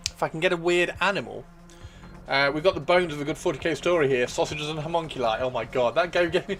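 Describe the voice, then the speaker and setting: Brief: male streamer, bright voice, chatty and enthusiastic, faint music behind. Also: fairly high pitch, quick pace. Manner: chatty, laughing, enthusiastic, repeats words. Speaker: livestream host. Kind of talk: casual livestream chat.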